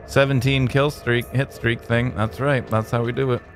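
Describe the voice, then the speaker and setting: A man hosting a let's play, giving excitable, jokey gameplay commentary that jumps to high exclamations. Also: moderate pace, faint music behind.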